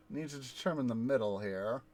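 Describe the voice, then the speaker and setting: There's a little hiss or hum under this streamer's mid-range, darkish voice. He's playing a city-building game, chatting casually and telling a meandering story full of fillers and restarts.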